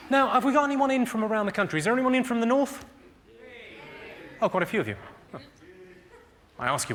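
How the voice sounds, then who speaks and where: A man with a fairly high voice works the room in a deadpan, teasing stand-up roast. He speaks into a stage mic in a live theatre, with loud laughter from the audience behind him. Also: heavy background noise. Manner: deadpan, teasing crowd work. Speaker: stand-up comedian.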